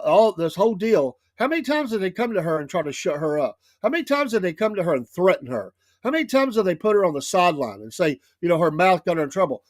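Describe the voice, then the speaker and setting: A man with a fairly high voice delivers emphatic opinion on a talk show. He repeats himself, restarts phrases and leans on "I'm gonna tell you." The sound is dry and close to the mic. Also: no echo. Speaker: radio talk show host. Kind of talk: opinionated political commentary.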